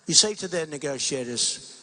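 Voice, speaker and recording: A man's voice: sits high, animated, normal speed, pushed and bright. A man giving a campaign rally speech at a podium mic, rambling and repeating himself, often acting out conversations. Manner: rambling and repetitive, acting out dialogues. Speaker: political candidate. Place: large rally venue.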